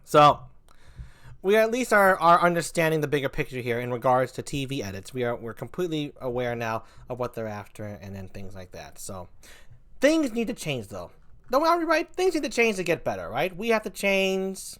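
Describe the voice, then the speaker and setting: Brief: male vlogger, bright voice, animated mock-outraged rant. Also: medium pitch, moderate pace. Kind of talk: comedic commentary.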